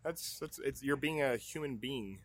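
A man's voice: medium pitch, normal speed, no echo. A man chatting casually as a bartender guest, rambling and laughing often. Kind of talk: casual chat.

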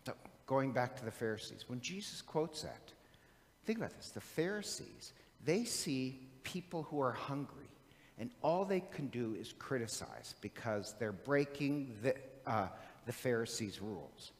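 A man's voice: mid-range voice, animated, a little slow, big-room sound. A man preaching a sermon in a chatty, joking storytelling manner.

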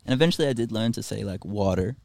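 A man's voice: mid-range voice, animated, rapid-fire, gravelly. A young man with a hybrid Australian-Canadian accent, talking casually as a podcast guest and telling his story in a rambling way that keeps correcting itself, recorded aboard a ferry. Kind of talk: casual chat.

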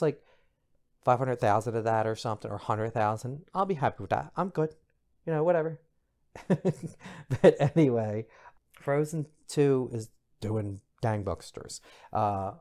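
A middle-aged man hosting a podcast, chatting in a gossipy, expressive way with bursts of high exclamation. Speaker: podcast host. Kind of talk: casual pop culture commentary.

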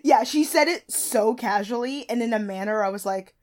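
Young woman co-host, loose and animated, laughs easily, conversational recap talk. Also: normal speed. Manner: animated, laughs often, jumps to high squeals when mimicking. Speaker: podcast co-host. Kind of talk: casual chat.

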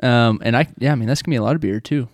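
A Midwestern man with a mid-range voice chats in a relaxed way and banters playfully. His voice is recorded dry and close. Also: medium pitch, rapid-fire, dry recording. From American Midwest. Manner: laid-back, banters and argues playfully. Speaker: podcast co-host. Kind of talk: casual chat on a live-streamed podcast.

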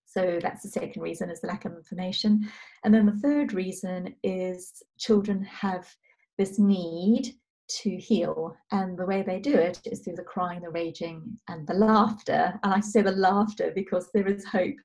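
Mellow-voiced woman telling a gentle story. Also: on the low side, steady tone, rough recording. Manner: gentle storytelling with frequent pauses. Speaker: guest parenting expert. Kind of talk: casual interview talk.

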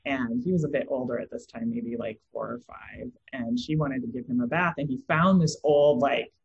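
Low husky woman trainer. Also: normal speed, muffled recording. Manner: anecdotal, with filler words. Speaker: empathy trainer. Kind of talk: casual podcast chat.

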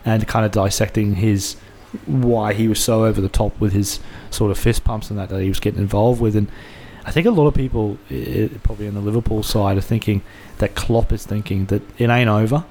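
A man's voice: lowish voice, steady tone, fairly quick, few pauses, warm tone, a little hiss or hum. A man co-hosting a casual football chat, talking earnestly and at length with frequent restarts. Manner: earnest, rambling, many restarts and fillers.

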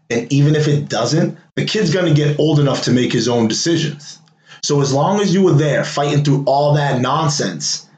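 This is a man in his late thirties speaking in a casual personal monologue. He is candid and conversational, with fillers and a dry laugh here and there. His voice sits at an ordinary middle pitch and carries a noticeable room echo. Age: late 30s.

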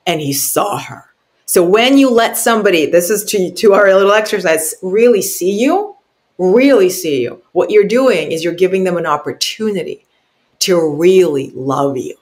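A woman guest on an interview podcast, telling a heartfelt story with lots of expression, often checking in with "right?" and acting out quotes with big jumps in pitch. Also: animated, moderate pace, a little mellow.

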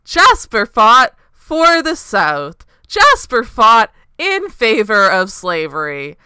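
Bright, smooth-voiced woman leading the recap. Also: a little high, wildly swooping pitch, takes it slowly, no room sound. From Canada. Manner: leads the recap, dry sarcastic asides. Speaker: podcast co-host. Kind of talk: casual chat.

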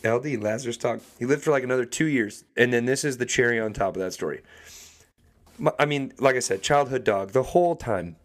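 A man's voice: mid-range voice, brisk. A young adult man co-hosting a podcast, telling a story casually and acting out the people in it. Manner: animated storyteller, acts out quoted voices. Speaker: podcast co-host.

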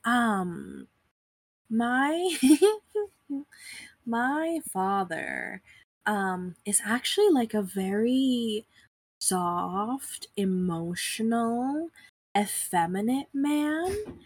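Young woman podcaster, husky with fry, rambly and self-deprecating, dry close sound. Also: fairly high pitch, lively intonation, drawn-out words, dry recording. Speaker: podcast host. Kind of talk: casual conversation. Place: lounging in bed at home.

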